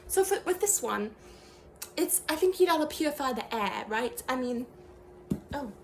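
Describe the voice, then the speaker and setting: A young woman plays a pompous fake academic giving a nonsense meditation lesson, rambling through fillers and half-finished sentences. The voice sits high, and a faint hum of noise runs underneath. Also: animated, moderate pace. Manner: mock-serious, rambling, trailing off with fillers. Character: self-serious fake female professor teaching meditation. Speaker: comedy creator. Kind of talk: improvised comedy sketch.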